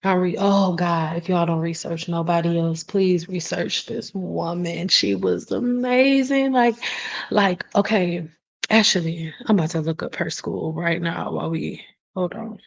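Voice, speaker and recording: A woman's voice: lowish voice, a little slow, creaky. A woman who works as a cosmetologist, speaking bluntly and emphatically in a casual vlog, swearing freely and addressing her viewers directly. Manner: talks straight to the audience, calls them y'all.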